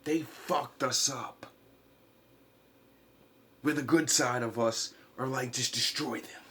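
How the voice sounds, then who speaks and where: A man in a rambling, impassioned vlog monologue, swinging from quiet mutters to loud outbursts. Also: mid-range voice, slow. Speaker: vlogger.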